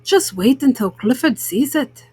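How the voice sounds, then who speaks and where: Woman reading as a brisk friendly man. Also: sits high, animated, dark tone, breathy edge, dry recording, exaggerated voice. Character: helpful friendly adult man.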